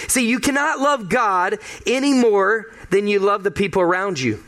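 A man's voice: high voice, normal speed, pushed and bright. A male pastor giving a conversational sermon, emphatic and fond of repeating key phrases.

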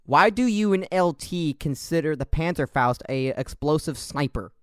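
A man's voice: on the high side, animated, normal speed, fairly bright tone, clear, resonant tone, no echo, clean studio sound. A man hosting a casual gaming podcast, rambling through stories and laughing along. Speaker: podcast host.

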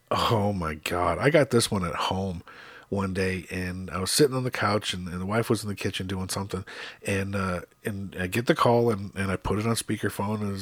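A man's voice: fairly low pitch, no echo. A man telling stories in a casual, profane rant, acting out quotes with exasperation. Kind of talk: casual ranting monologue.

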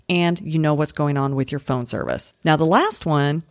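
A woman's voice: low voice, normal speed, no room sound, clean studio sound. A woman co-hosting a travel podcast as a travel agent, giving friendly, upbeat advice in a casual chat.

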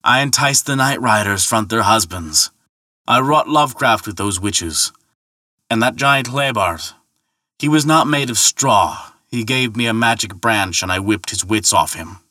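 A man voicing a sly, mocking old gray-bearded male ferryman who taunts with smooth, scathing words in a storybook telling. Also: on the low side, expressive, measured pace, pushed and bright, no room sound, clean studio sound. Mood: taunting. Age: older.

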